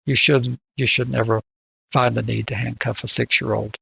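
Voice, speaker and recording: Older guy on a podcast, raspy fry in his voice, dry close sound, keeps restarting his sentences. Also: mid-range voice, little pitch movement, bright, forceful tone, dry recording. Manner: halting, repeats words when starting sentences. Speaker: podcast co-host. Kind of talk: casual podcast discussion.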